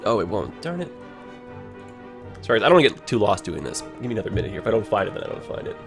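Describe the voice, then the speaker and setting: Chatty man, lively voice. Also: fairly low pitch, quick pace, gravelly, over music. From Ontario, Canada. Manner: rambling, chatty, heavy use of "like". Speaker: livestream host. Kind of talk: casual game livestream commentary.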